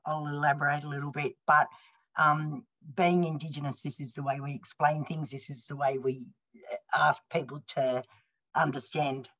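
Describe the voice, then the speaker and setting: A woman in her fifties with an Australian accent, telling a story on a panel bluntly and with lively acted-out dialogue. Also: lowish voice, dull audio. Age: 50s. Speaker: panelist and university student.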